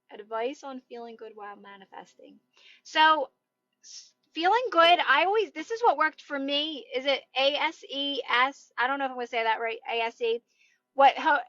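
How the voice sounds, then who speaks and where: Woman in her thirties, Philly-area accent, chatty live host, higher voice, dull dry phone audio. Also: a bit bright, no room sound. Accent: Delaware County (Philadelphia area). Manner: chatty, rambling, laughs often, greets viewers. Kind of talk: casual live-stream chat.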